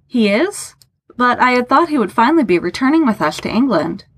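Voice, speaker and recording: A woman voicing a doting, gentle male dragon who frets and speaks in a formal, old-fashioned way. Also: fairly high pitch, big pitch swings, brisk, husky, dry recording, pitched above the performer's own voice, full character voice.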